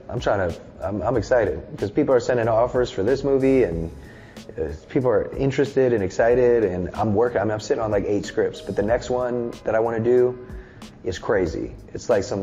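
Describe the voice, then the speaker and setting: A man's voice: fairly low pitch, warm tone, highs cut off. A man in his thirties talking in a casual interview, loose, candid and often swearing. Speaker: musician and film director, guest.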